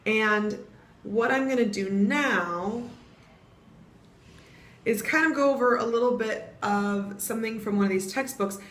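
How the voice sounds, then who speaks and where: A woman's voice: fairly high pitch, unhurried, long pauses. A young woman from the United States, chatting casually as she explains pronunciation and spells words out letter by letter. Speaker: vlogger teaching Portuguese pronunciation. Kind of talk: casual vlog lesson. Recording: echoey room with faint ambient noise.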